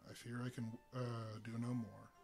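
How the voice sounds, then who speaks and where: A man's voice: medium pitch, level tone, moderate pace, vocal fry, a little mellow, soft background music, close to an everyday voice. A man voicing a tormented giant male alien who speaks in a formal, stilted way. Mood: anguished.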